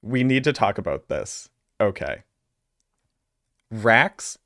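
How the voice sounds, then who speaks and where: A man's voice: lowish voice, very animated, slow pace, fairly bright tone, soft background music. A young adult man with a Boston accent, rambling through casual reaction commentary with lots of filler words. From Massachusetts, US. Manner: rambling, filler-heavy storytelling. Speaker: streamer.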